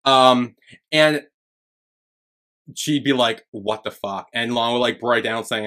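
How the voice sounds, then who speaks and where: A man with a medium-pitched voice that comes across pushed and bright speaks slowly, leaving long pauses. He co-hosts a casual podcast remotely from a separate home, telling a rambling story full of fillers and swearing.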